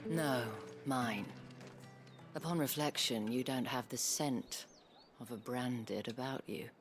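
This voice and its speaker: Video game brothel madam: very deep, slow, sultry near-whisper, coy and scheming. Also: female voice, soft background music. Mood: sultry, teasing. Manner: slow, teasing, silky delivery.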